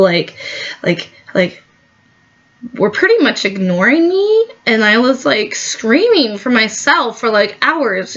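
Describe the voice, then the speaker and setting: A woman's voice: medium pitch, fairly bright tone, dull audio. A woman telling a satirical comic story as a monologue. She is whiny and melodramatic, and she fills her speech with "like". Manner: whiny, melodramatic, full of "like" fillers.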